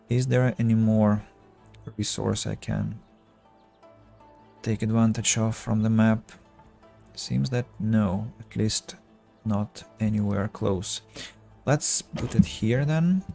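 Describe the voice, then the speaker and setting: A man streaming a game, thinking aloud in halting casual commentary, his voice tired and fading. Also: fairly low pitch, creaky, darkish tone. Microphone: earbuds.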